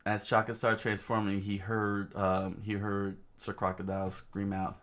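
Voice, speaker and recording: A man reading a comic aloud in a casual, halting way, with many fillers and asides about the panels. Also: lowish voice, completely flat delivery, fairly bright tone. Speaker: reader of a comic.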